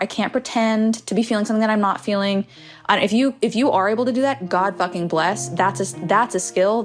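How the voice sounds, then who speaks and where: Young woman podcast host, solo rant, irritable and self-mocking, swears a lot. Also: medium pitch. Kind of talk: casual solo podcast monologue. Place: hotel room.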